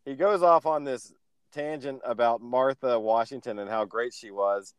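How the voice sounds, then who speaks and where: A man co-hosting a casual movie review podcast, leading the segment in a relaxed, dry way. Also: medium pitch, moderate pace, clean tone, dry recording. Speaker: podcast co-host.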